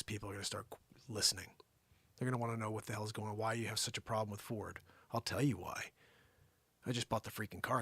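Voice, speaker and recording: A man's voice: mid-range voice, no echo. A man hosting his own live show, ranting indignantly and acting out his exchanges with others. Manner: indignant, animated, quotes others in exasperated retellings. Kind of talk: unscripted ranting monologue.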